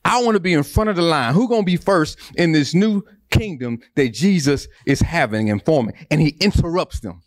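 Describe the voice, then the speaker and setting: A man's voice: a little high, expressive, normal speed, hardly any pauses, no room sound, clean studio sound. A man preaching a sermon, repeating phrases and building emphasis. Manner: preaching with repetition and rising emphasis. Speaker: pastor.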